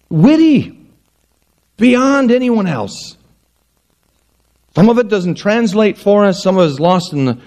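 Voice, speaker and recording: A middle-aged male pastor preaching a sermon, telling stories in an animated way and acting out the voices. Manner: animated storytelling, acting out voices with wide pitch swings.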